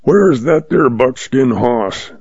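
A man's voice: medium pitch, lively intonation, takes it slowly, darkish tone, husky, no room sound, lo-fi sound, pitched above the performer's own voice. A man doing a sneering, surly old-west cowhand. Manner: drawling, scornful. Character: surly sneering male cowhand, middle-aged.

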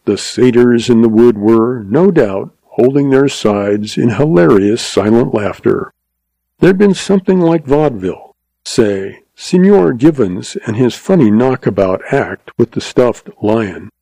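A man narrating a story in a measured, expressive reading. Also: mid-range voice, vocal fry, no echo, rough recording.

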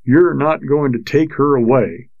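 A man reading a novel aloud, voicing a drunken husband whose slow, fuzzy speech turns shaky with fury. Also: mid-range voice, no room sound, phone-quality sound, lightly acted. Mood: raging. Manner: slurred and slow, then shaking with fury. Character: drunken, violent frontier husband, grown man. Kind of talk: audiobook character voice.

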